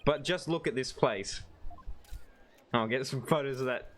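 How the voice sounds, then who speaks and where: A man's voice: medium pitch, unhurried, fairly bright tone, close to an everyday voice. Phoenix Wright, read by a man. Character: earnest young male lawyer abroad. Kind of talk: reading game dialogue aloud.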